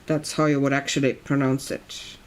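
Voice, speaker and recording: A woman's voice: a bass voice, flat delivery, moderate pace, a little hiss or hum. A woman streaming while she colors, chatting casually and reading her viewers' comments aloud. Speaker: coloring livestreamer. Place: at home in Brazil.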